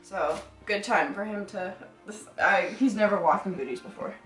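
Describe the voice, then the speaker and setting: A woman vlogging casually outdoors while walking her dog, slipping into high sing-song baby talk to praise him. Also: moderate pace, a bit bright, slightly rough, faint music behind. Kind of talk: casual vlog.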